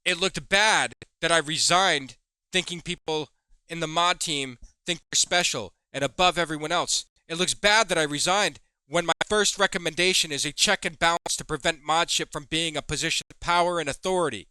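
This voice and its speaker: A man's voice: a little high, moderate pace, bright, forceful tone, clear, resonant tone, no echo. A man hosting a heated commentary video, reading chat logs aloud and swearing as he accuses someone. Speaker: commentary host.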